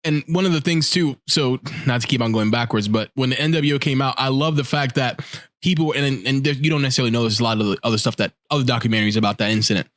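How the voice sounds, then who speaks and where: A man co-hosting a podcast who talks fast in loose, slangy casual chat. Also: mid-range voice, fairly bright tone, dry recording, studio quality. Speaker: podcast co-host.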